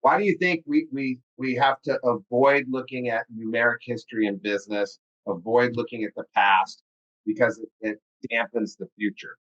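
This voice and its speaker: A man's voice: mid-range voice, moderate pace, fairly bright tone, highs cut off. A man hosting a podcast interview, asking pointed questions emphatically and repeating words as he presses a point. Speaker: podcast host. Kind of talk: casual interview talk.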